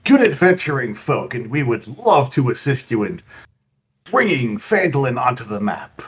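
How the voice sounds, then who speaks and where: A man voicing an overeager, flattering male adventurer who sounds deliberately dim. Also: mid-range voice, natural voice. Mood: fawning. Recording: dull lo-fi sound.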